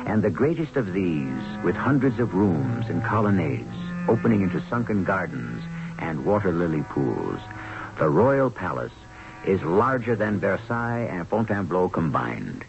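A man's voice: low voice, sing-song, moderate pace, gravelly, music in the background. A man hosting and narrating a vintage radio mystery drama in a theatrical voice, from a dull lo-fi broadcast. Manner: theatrical, questioning, hushed asides. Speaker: host and narrator.

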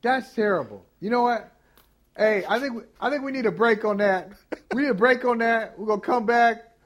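A man's voice: extremely high pitch, moderate pace, a bit bright. A man hosting a sports talk show, reacting with laughs and steering the segments in a casual way.

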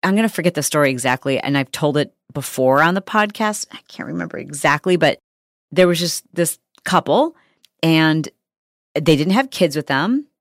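A middle-aged woman hosting a podcast, telling a story in a chatty, animated way with lots of fillers. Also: low voice, normal speed, dry recording, studio quality. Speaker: podcast host. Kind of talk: casual podcast monologue.

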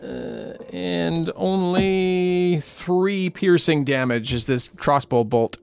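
A man narrating as game master in a tabletop game, talking in halting bursts full of fillers. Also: sits high, creaky, clean tone, no room sound.

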